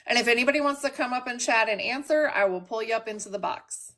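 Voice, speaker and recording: This livestream host, a woman broadcasting casually from home, talks to her chat in a candid, plain-spoken way. She speaks quickly, with a slightly high and somewhat bright voice.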